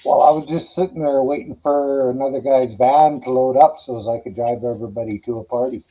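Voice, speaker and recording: A man's voice: mid-range voice, fairly even intonation, fairly quick, dark tone. Man on dull lo-fi audio, rambling. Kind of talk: casual chat.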